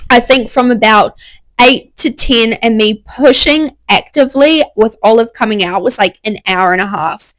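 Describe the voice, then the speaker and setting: A young woman excitedly telling a candid story in a casual, chatty way. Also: fairly high pitch, normal speed, no room sound, poor audio. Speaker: vlogger.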